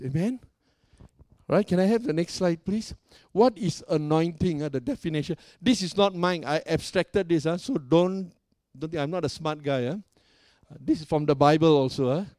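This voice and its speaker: A high-voiced male pastor preaching with excitable energy and playful jokes. He keeps calling out to the congregation for a response. His voice sounds close and dry, with little room around it. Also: no echo. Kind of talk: sermon.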